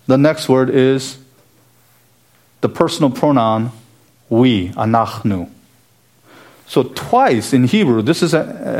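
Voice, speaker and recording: A man delivers an earnest, expository sermon in a voice of ordinary middle pitch. He works through a passage verse by verse and presses his points with emphatic rhetorical questions. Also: darkish tone. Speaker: preacher.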